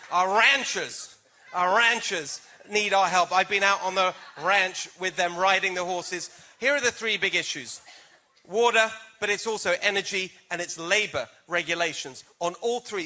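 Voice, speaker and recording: A man with a noticeably foreign accent delivers a campaign debate answer in a brisk, emphatic way. His voice sits fairly high and sounds very bright and sharp, cutting through the room. He punches his points with rhetorical questions. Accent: foreign accent in American English. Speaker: political candidate.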